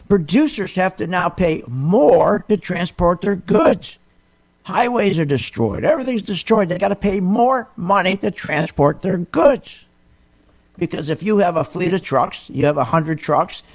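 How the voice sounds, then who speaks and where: Ranting gravelly radio host man. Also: high-pitched. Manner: indignant, incredulous ranting with rhetorical questions. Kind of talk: animated talk radio monologue.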